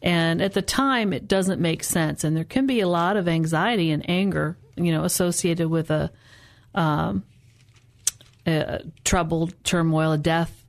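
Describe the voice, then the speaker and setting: A woman co-hosting a casual Bible study discussion, calm and reflective. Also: lowish voice. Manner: calm and reflective, agreeing with short murmurs.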